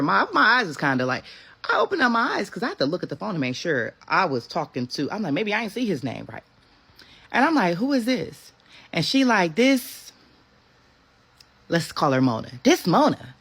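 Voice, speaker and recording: A woman's voice: deep voice, gravelly, breathy edge. A woman in her thirties telling a personal story in a sassy, casual storytime style, acting out the quotes as she goes. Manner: sassy, animated retelling with voiced quotes.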